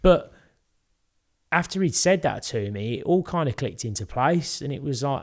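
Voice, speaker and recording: A man's voice: mid-range voice, expressive, moderate pace. A young British man co-hosting a podcast, telling a personal story in an earnest, candid way. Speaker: podcast co-host. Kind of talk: casual podcast chat.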